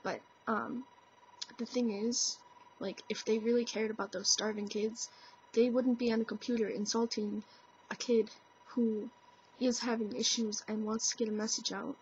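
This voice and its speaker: A woman's voice: a little high, level tone, moderate pace, slight background noise. A young woman talking earnestly into her camera in a casual opinion vlog, full of "like" and "you know". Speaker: vlogger. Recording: dull lo-fi webcam audio.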